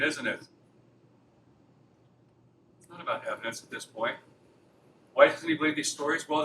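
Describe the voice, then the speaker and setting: A man's voice: a little high, noisy background. Man lecturing from a distance. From Los Angeles, USA. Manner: conversational, with frequent rhetorical questions. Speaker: guest speaker at a campus apologetics club. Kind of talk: informal lecture. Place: lecture room.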